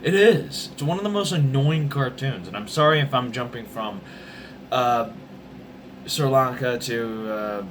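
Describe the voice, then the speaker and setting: A man's voice: medium pitch, measured pace, noisy background. A young man in his twenties ranting casually, swearing often and jumping from topic to topic. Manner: animated, swearing, jumps between topics. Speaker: vlogger. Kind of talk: profane rambling rant.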